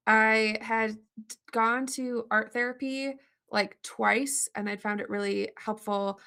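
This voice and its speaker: A woman guest on a video-call interview, telling stories in an animated, rambling way full of "like" fillers. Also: a little high, extremely slow, pauses often. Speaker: interview guest, comic artist. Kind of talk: casual storytelling in an interview.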